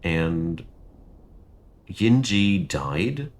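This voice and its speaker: A man's voice: sits low, very animated, drawn-out words. A young man commentating his strategy game and ranting in frustration over bad luck. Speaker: gaming channel host. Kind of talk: gameplay commentary.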